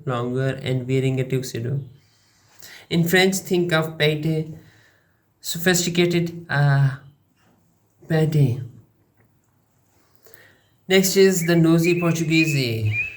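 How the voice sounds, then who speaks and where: Unhurried man from Pakistan explaining letters. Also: medium pitch. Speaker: language learning YouTuber. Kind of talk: playful explainer monologue.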